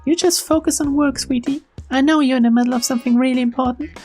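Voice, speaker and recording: A man voicing a sweet young woman in a high falsetto, little-girl voice. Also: steady tone, fast, darkish tone, soft background music. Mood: soothing.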